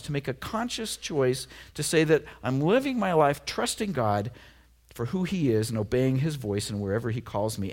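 A middle-aged man from Oregon preaching a sermon in a conversational, storytelling way with self-deprecating humor. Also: fairly high pitch. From Oregon, USA. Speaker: pastor.

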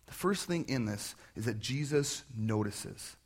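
A man preaching a sermon in a conversational, animated way, full of questions. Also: medium pitch, unhurried, few pauses, slightly rough. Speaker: pastor.

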